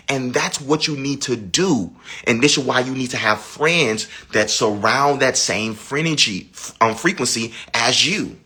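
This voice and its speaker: A man giving a casual spiritual talk, dramatic and animated, sometimes dropping to a low hush. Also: a little slow, husky. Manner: animated, dramatic swings from loud high to low hushed. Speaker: spiritual teacher.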